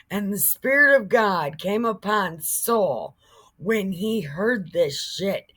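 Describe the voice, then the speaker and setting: Slow, irreverent woman retelling scripture. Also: mid-range voice, animated, husky. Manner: profane, joking, stumbling over words. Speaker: Bible storyteller.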